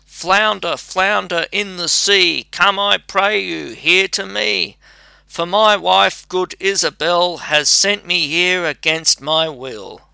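A man's voice: takes it slowly, gravelly, bright, forceful tone, clean tone, no room sound, heavily acted. A man reading aloud voices a frightened old fisherman chanting a plea to a magic fish. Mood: pleading. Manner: high pleading chant.

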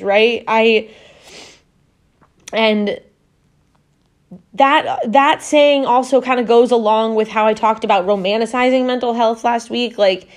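A young adult woman hosting a solo podcast, talking earnestly in a halting way with many fillers and restarts. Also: fairly high pitch. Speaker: podcast host. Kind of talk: casual solo podcast talk.

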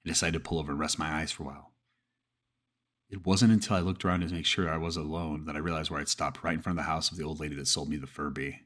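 A man with an extremely low, deep voice narrates a first-person horror story. He reads at a brisk clip in a steady way and now and then stumbles and restarts a word.

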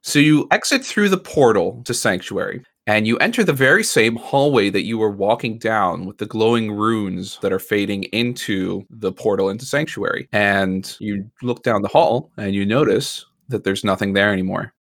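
Bright-voiced man running a tabletop game. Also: on the low side, moderate pace, few pauses. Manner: casual, laughing, lots of fillers. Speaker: game master.

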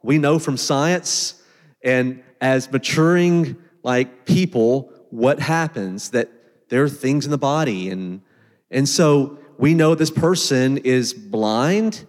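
A man delivers a sermon in a relaxed, talky style, his voice sitting at an ordinary middle pitch. His asides and loose phrasing keep it conversational. The sound trails off in a long church-hall reverb. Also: takes it slowly. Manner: conversational, animated preaching with asides and filler words. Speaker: pastor.

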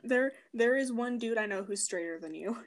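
A woman's voice: a little high, normal speed. A young woman co-hosting a podcast over an online call, teasing her partner and laughing breathily through her nose. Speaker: podcast co-host. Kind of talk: casual chat.

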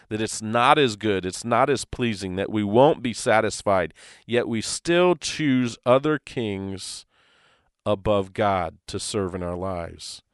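Man, bible teaching podcast, smooth clear voice, dry close sound, earnest. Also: on the low side, dry recording. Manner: conversational, earnest, with frequent restarts.

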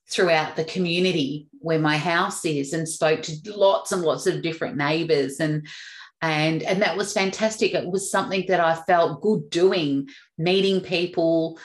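Lively motivational speaker woman, echoey room. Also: low voice. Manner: earnest, animated storytelling with acted-out voices. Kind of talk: motivational talk.

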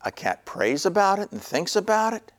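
Male preacher, sermon-style teaching: emphatic, repeats his points, slightly high voice. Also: big pitch swings, normal speed, background noise. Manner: emphatic, repetitive, jokey.

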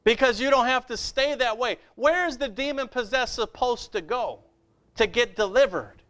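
A man's voice: very high voice, expressive, normal speed, fairly bright tone. A male pastor preaching a fiery sermon, emphatic and repetitive, with rhetorical questions.

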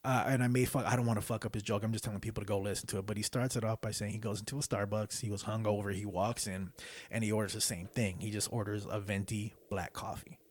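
A man talking as a podcast guest in casual chat, animated, swearing often and retelling jokes with laughs. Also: lowish voice, quick pace.

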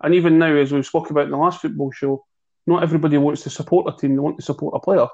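A man co-hosting a football chat show, speaking in a measured way and thinking aloud with fillers. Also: fairly high pitch, fairly even intonation, mellow, muffled recording. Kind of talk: casual podcast chat.

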